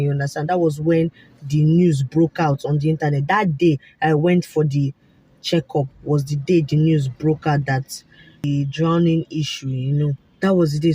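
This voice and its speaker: A woman with a Nigerian accent casually telling a personal story, animated and repetitive, slipping into Pidgin asides. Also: low-pitched, husky, no echo. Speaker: vlogger sharing a fertility story.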